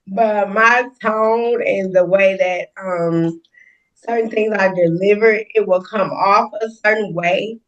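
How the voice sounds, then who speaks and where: A woman guest talking openly about her relationship in an interview, expressive, with frequent laughs and emphatic rises. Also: mid-range voice, takes it slowly. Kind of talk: candid conversational interview. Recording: distant muffled mic.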